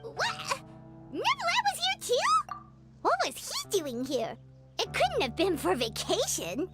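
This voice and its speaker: A woman voicing a tiny, excitable floating companion creature who talks about herself in the third person. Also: very high-pitched, slow pace, over loud music, exaggerated voice.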